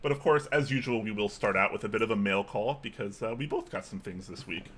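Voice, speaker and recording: A man co-hosting a casual livestream chat, relaxed and quick to laugh. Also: fairly low pitch. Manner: relaxed, chatty, laughs easily. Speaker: co-host.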